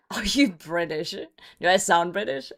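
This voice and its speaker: A woman streamer chatting casually with her viewers and reading their messages aloud, her voice worn and hoarse from a cold. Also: lowish voice, lively intonation, slow pace, fairly bright tone. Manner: loose and chatty, swears, reads chat aloud and laughs. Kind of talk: casual livestream chat.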